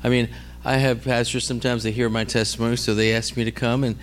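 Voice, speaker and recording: Fast and level in tone, this mid-range male voice carries a little hiss or hum. He's preaching on healing ministry in a storytelling, conversational style, asking "all right?" and "amen?" and repeating and restarting words while he narrates.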